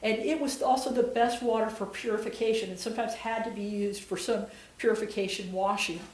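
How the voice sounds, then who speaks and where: A woman's voice: medium pitch, fairly even intonation, a little fast, a little mellow, recorded from a distance. Woman preaching in an echoey church. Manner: retells scripture in casual everyday voices. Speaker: guest preacher. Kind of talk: conversational sermon.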